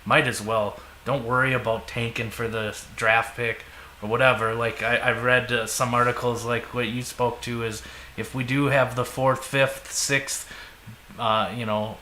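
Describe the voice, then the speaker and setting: An easygoing Minnesotan man co-hosts a podcast of casual sports chat, joking and chuckling often. His mid-range voice is flat, measured, pushed and bright, recorded in an echoey room with faint noise.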